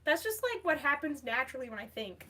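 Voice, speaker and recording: A woman's voice: high voice, sing-song, quick pace, very noisy. A woman who is losing her voice hosts a casual livestream, reading viewer comments aloud and answering them. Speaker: livestream host.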